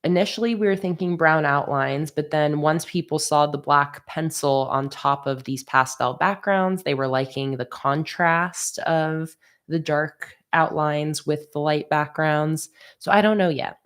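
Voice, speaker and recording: Low-voiced woman chatting while she draws. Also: measured pace. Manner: chatty, reads viewer comments aloud and laughs easily. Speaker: sticker artist livestreaming. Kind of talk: casual livestream chat while drawing.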